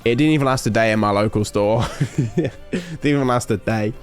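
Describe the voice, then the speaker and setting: A man's voice: medium pitch, a little fast, faint music behind. A young man from the UK telling a story in casual stream chat, rambling and interrupting himself, laughing often.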